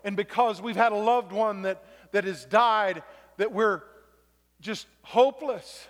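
High-voiced preaching man in a hall. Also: unhurried. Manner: builds from quiet reflection to shouted exhortation. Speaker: pastor. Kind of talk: sermon. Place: church sanctuary. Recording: long reverb of a large hall.

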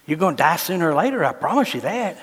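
Male pastor; fervent, folksy sermon; high voice, long church reverb. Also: big pitch swings, fast talker, a bit bright, husky.

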